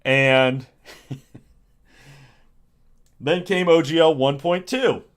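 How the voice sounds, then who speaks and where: A man rambles sarcastically on a livestream, chuckling as he goes. His delivery is loose and conversational, the tone of a host thinking out loud to his viewers. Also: a little high, drawn-out words. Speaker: streamer. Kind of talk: casual livestream chat.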